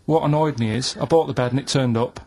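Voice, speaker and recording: A man, a radio show regular, telling a rambling story in a deadpan way during casual studio banter. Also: mid-range voice, fast.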